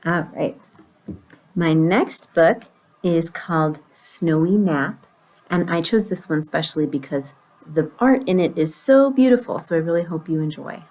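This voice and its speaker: A woman librarian reading picture books aloud to preschoolers, gentle and expressive. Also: low voice, a little slow. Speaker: children's librarian.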